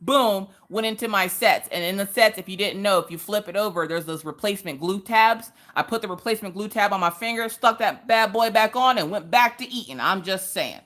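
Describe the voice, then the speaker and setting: A woman with a Southern US accent, hosting a casual live stream and chatting loudly with viewers, jumping to high squeals when she greets them. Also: fairly quick, hardly any pauses.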